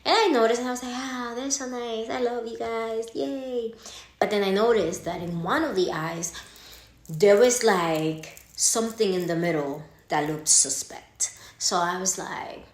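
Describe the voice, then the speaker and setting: A woman's voice: fairly high pitch, a little slow. A woman whose first language is Spanish, casually telling a story, cursing and acting out the people she quotes. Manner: animated, swearing, acts out quoted voices. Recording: echoey room.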